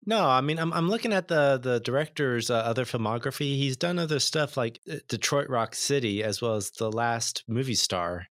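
A man's voice: mid-range voice, normal speed, hardly any pauses, a bit bright, dry recording, clean studio sound. A man co-hosting a podcast in casual chat, teasing his partner and stammering at the start of sentences. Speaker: podcast co-host.

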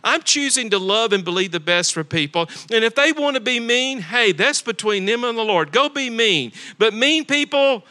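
A male pastor preaching with a high, bright and forceful voice. He talks emphatically, repeats words for weight and keeps asking his congregation rhetorical questions. It sounds like a church service. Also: expressive, normal speed, hardly any pauses. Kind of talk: sermon. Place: church sanctuary.

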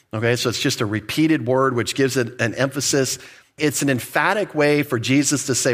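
A man's voice: medium pitch, a bit bright. A man, a pastor, teaching through a Bible passage in a conversational, emphatic preaching style with light laughs. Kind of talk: expository sermon.

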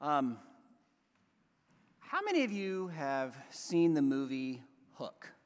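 A man's voice: fairly high pitch, big pitch swings, slow pace. A man preaching a sermon to his congregation, casual and conversational, with fillers and asides. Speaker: pastor. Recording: long hall reverb.

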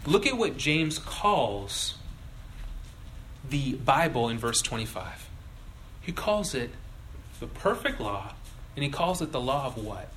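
A younger male pastor preaches with a lively, swooping delivery and a bright, forceful tone. He slips into playful voices for his stories. Faint room ambience sits behind him. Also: medium pitch, slow, long pauses, slight background noise, low-quality recording. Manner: animated, acts out voices in illustrations. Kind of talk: sermon.

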